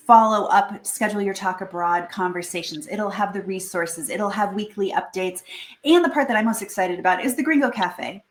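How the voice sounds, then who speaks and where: A woman giving a casual presentation to a networking group about her language school, lively and chatty, acting out little quoted exchanges. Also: medium pitch, moderate pace. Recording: echoey room.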